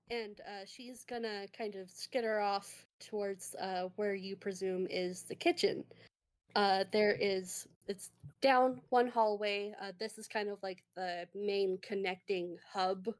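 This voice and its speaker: A woman's voice: medium pitch, steady tone, slow. A woman narrating a tabletop game as game master, meandering and full of fillers.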